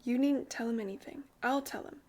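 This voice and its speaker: A woman's voice: a little high, a little fast, dark tone, natural voice. A woman voicing an anxious, plain older housekeeper who speaks timidly and pleads. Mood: earnest.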